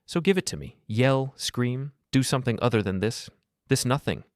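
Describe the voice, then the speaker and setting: A man's voice: fairly low pitch, animated, fast talker, no room sound, studio quality, lightly acted. A man voicing a distraught young wife in a story reading, pleading and defensive. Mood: bitter.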